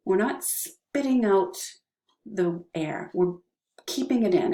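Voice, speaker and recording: An upbeat, encouraging woman in middle age leads a drama lesson. She keeps checking in with her students. Her voice is a touch low and mellow, and it echoes in the room. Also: lively intonation, a little slow. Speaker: drama teacher. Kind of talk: online class lesson with vocal warm-ups.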